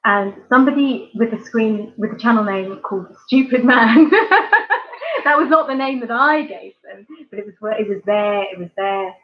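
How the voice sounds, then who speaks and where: A woman's voice: fairly high pitch, normal speed, few pauses, dull audio. A woman from near London with a southern English accent, chatting casually with viewers on a live stream and rambling with lots of ums and giggles. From England, near London. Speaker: art channel host.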